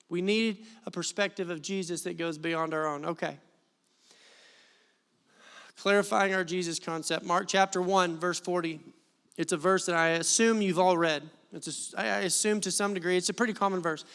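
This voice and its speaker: A man preaching a sermon as a pastor, animated and joking with the congregation between Bible readings. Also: sits high, normal speed. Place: church sanctuary. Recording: long hall reverb.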